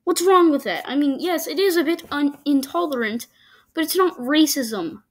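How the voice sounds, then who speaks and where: A woman giving casual reaction commentary to videos, arguing her points with frequent stops and restarts. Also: high voice. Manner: halting, argumentative, many restarts.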